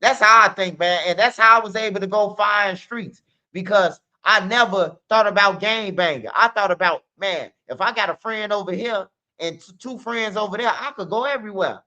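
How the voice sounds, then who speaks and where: A high-pitched, sharp-toned man rambles casually to his stream audience. His talk is loose and slangy, peppered with "man" and "bro", and it comes through on dull lo-fi audio. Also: moderate pace. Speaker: streamer host.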